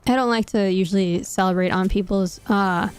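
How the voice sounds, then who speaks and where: A woman's voice: mid-range voice, moderate pace, clear, resonant tone. A woman streamer chatting casually while she plays a game, thinking aloud and mocking herself. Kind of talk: casual gaming stream chat.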